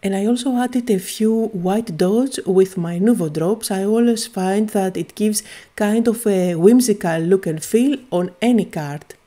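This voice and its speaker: Woman, craft tutorial voice-over, dark mellow tone, calm and methodical. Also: mid-range voice, a little slow. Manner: calm step-by-step explaining. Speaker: card-making video host.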